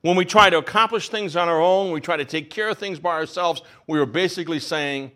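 A man's voice: fairly high pitch, a little fast, hardly any pauses. A man in his fifties preaching a sermon, telling stories and acting out the voices of people in them. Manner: animated storytelling, acts out the voices of people in the story. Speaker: pastor.

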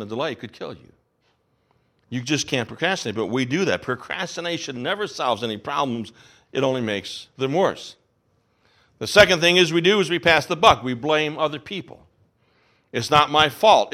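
Middle-aged guy preaching, bright sharp voice, swings up and down a lot, acts out little voices in his stories. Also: medium pitch. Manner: animated storytelling, acts out the voices of people in the story. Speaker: pastor. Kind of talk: sermon.

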